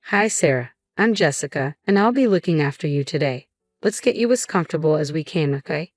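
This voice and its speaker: A woman voicing a calm, soothing nurse. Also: deep voice, brisk, dry recording, studio quality, faint music behind. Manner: gentle and reassuring.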